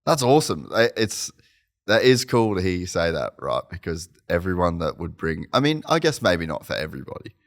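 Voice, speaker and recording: Man, podcast host, very low voice, relaxed, casual interview, lots of filler words. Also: brisk. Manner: relaxed, full of filler words, thinks aloud.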